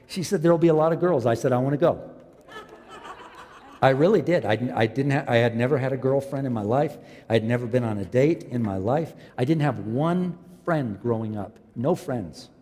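A man in his fifties preaching a sermon as a pastor, swinging from loud, impassioned lines to quiet, low ones. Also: animated, brisk, slightly rough. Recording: long hall reverb.

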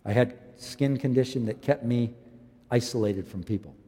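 A man's voice: mid-range voice, moderate pace, slightly rough. Man preaching in a reverberant hall. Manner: impassioned preaching, rising loud then dropping quiet. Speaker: pastor. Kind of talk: sermon.

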